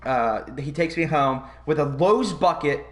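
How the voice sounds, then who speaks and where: A young man hosting a podcast, telling a long story in a rambling, profane, animated way. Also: a little high, a little slow. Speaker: podcast host. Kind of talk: casual storytelling.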